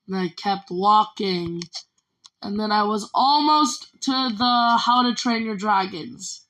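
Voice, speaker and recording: Slow bright-voiced woman telling a story. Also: mid-range voice, rough recording. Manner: strings events together with repeated "and then". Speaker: vlogger. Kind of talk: rambling personal story.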